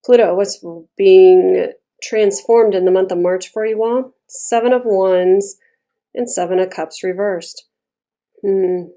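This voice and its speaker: Woman, tarot reader, casual, blunt, profane, mellow warm voice. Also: mid-range voice. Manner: blunt, chatty, swears freely.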